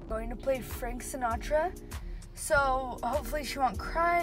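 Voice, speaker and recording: A woman's voice: high voice, normal speed, music in the background. A teenage girl vlogging from her car into a phone camera. She rambles in a casual, chatty way with lots of "like.". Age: teens. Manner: chatty, rambling, full of filler "like". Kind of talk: casual vlog chat. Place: inside a car.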